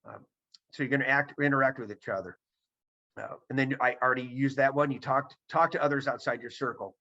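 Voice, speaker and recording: Emphatic man with a bright voice. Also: medium pitch, brisk. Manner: emphatic, repeats key phrases. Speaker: presenter. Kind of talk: seminar talk to a virtual audience. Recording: dull lo-fi sound.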